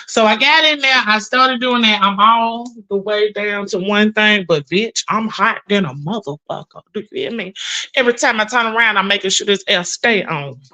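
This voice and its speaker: Sassy, bright-voiced woman chatting. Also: mid-range voice, rough recording. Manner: sassy and profane, calling viewers honey and girl; drawn-out emphatic storytelling. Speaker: livestream host. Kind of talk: casual chat while doing chores.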